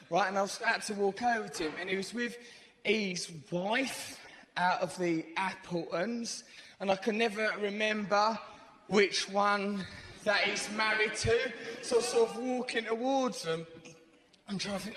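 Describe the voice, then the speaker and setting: A man's voice: high-pitched, a little hiss or hum. A man telling a rambling stand-up comedy story on stage, throwing in "right?" all the time. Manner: rambling, animated, lots of "right?". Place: large theatre stage. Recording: echoey live theatre hall. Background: audience laughter.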